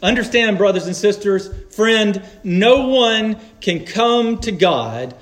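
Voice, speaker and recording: With lively intonation, a man with a fairly high voice preaches at a slow, deliberate pace. He is earnest, speaks in measured phrases, and lets emphatic pauses underline each point.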